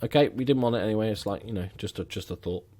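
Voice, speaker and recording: A man with a fairly low voice talks through a football management match. He mutters dry, sarcastic asides and casual commentary as the game plays. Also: fast, mellow. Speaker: gaming commentator.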